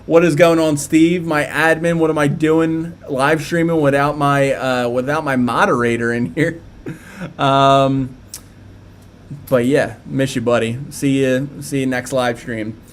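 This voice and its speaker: A man's voice: mid-range voice, steady tone, measured pace. A man with a Philadelphia accent hosting a casual live stream, chatting and reading viewer comments aloud with plenty of fillers.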